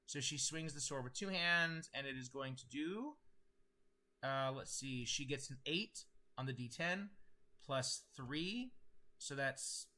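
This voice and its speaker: Bright-voiced man running a tabletop game. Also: medium pitch, slow pace. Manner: thinks aloud while tallying dice, with many fillers. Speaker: game master.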